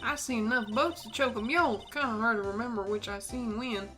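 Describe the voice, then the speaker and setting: A woman's voice: mid-range voice, normal speed, sharp tone, close to an everyday voice. A woman voicing a brash young country photographer, with a drawling rustic twang and a folksy, boastful way of talking, over faint game music.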